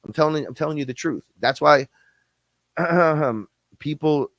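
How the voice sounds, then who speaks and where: A man ranting in a casual, blunt, profane way on a podcast, quick and heated, often slipping into imitations of other people. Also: fairly high pitch, a bit bright, no room sound. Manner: blunt, profane, fast-talking, mimics others. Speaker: podcast guest-host. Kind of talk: casual rant.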